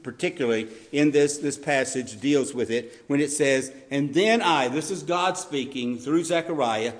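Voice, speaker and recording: A man preaching a sermon as pastor, earnest, rising on scripture readings and dropping low to stress key lines, with occasional ums and restarts. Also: normal speed.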